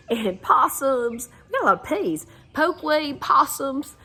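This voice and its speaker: A woman's voice: sits high, expressive, unhurried, sharp tone. Giggly Southern woman leading laughter. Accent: Southern American. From US South (Atlanta). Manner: chatty, folksy, laughs often. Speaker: laughter wellness guide. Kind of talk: guided laughter session.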